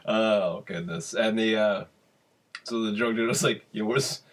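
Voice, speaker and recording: A man's voice: fairly low pitch, slow. A man co-hosting a podcast in casual chat, laughing a lot and swearing casually. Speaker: podcast co-host. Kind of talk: casual podcast chat reminiscing about a show.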